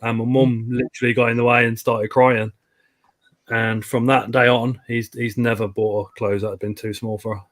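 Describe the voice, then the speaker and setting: A man's voice: mid-range voice, flat delivery, moderate pace. A man in his thirties telling blunt, sweary anecdotes on a live stream. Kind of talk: casual storytelling chat.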